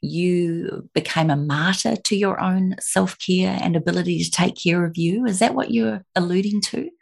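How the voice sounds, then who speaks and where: A woman's voice: lowish voice, moderate pace, gravelly, slightly rough. A woman hosting a podcast, asking long, effusive questions. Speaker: podcast host. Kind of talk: interview questions.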